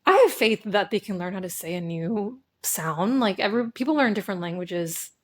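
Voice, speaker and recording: A woman's voice: mid-range voice, brisk. Young woman co-host, reflective storyteller who hedges, mid-range voice, casual. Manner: thoughtful storyteller, hedging with "I guess". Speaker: podcast co-host. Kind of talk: casual chat.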